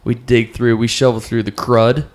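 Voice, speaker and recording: A man's voice: mid-range voice, flat delivery, moderate pace, a little mellow. A man co-hosting a podcast in casual chat, joking and laughing often as he reads posts aloud. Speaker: podcast co-host.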